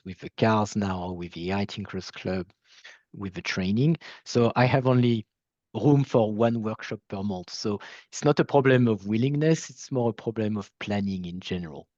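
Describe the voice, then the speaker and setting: A man with a French accent co-hosting a live online talk, chatting in an animated, self-deprecating way with quick restarts. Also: fairly low pitch, dry recording, highs cut off. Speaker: co-host. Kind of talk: casual live-stream chat. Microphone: video call.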